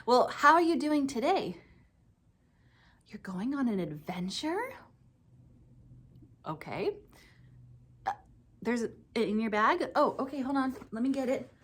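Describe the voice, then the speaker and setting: A woman with a fairly high voice teaches a lesson to small children at church. She talks in a bright sing-song, gasping and exclaiming as she chats with a puppy puppet. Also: very animated, a little slow, long pauses, slightly rough.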